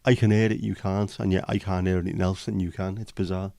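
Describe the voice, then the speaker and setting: A man's voice: low-pitched, level tone, fast talker, vocal fry, mellow, dry recording. A man hosting a livestream, rambling and joking as he chats to viewers. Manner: rambling, jokey, chatting to viewers. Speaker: livestream host. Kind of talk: casual livestream chat.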